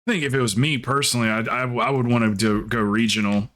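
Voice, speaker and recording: A man's voice: medium pitch, steady tone, quick pace, a bit bright. Guy rambling on stream, lots of likes and restarts, medium voice. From Southern United States. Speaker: streamer and group leader. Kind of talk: casual chat during gameplay.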